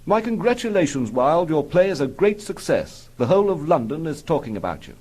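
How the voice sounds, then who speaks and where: A man's voice: a little high, sing-song, fairly quick, darkish tone, husky, voice pushed up. A man voicing a pompous, hearty Victorian prince. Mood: congratulatory. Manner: pompous, congratulatory.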